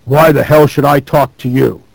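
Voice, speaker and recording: Man reading as a big drunk laborer, rough and bellowing, mellow voice, dry sound. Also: mid-range voice, lively intonation, a little fast, no room sound, natural voice, low-quality recording.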